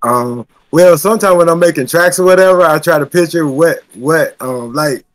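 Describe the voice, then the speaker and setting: A man's voice: a little high, normal speed, dry recording. A man talking as a podcast guest, hesitant and full of fillers. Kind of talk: casual group chat.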